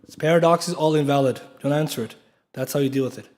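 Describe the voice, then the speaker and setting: A man's voice: a little high, fast, a little mellow. A man giving a lecture in a mosque, emphatic and full of rhetorical questions, spelling out key terms for his students. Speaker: Islamic lecturer. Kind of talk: classroom lecture.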